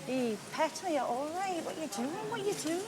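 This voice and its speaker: A chatty food bank volunteer. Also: female voice, sits high, expressive, very noisy. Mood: soothing. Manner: brisk, chatty, motherly. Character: kindly middle-aged female food bank volunteer.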